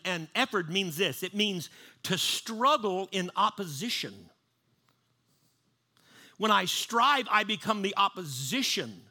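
High, bright-voiced male preacher. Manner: conversational, repeats and restarts, acts out panicked voices. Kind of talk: sermon.

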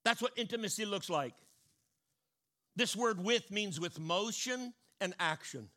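A male preacher delivering a sermon in a high, bright voice. He tells stories in hushed asides, then rises into loud declarations. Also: animated, unhurried.

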